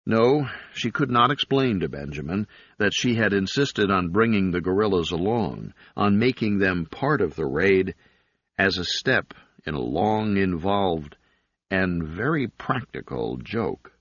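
A man narrating an audiobook in a steady, even reading. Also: deep voice, measured pace, no room sound. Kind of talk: scripted narration. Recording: slightly dull recording.

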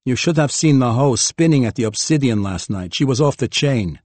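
A man's voice: mid-range voice, animated, moderate pace, dry recording, voice pushed up, natural voice. Man playing a brash spoiled rich kid. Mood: boasting. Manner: loud, whiny and boastful.

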